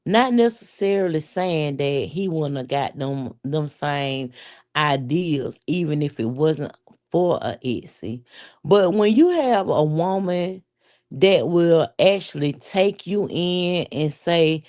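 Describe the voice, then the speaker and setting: A woman's voice: deep voice, expressive, slow pace, darkish tone. A woman giving her blunt, rambling opinion on a show in casual, profane chat. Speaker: show commentator.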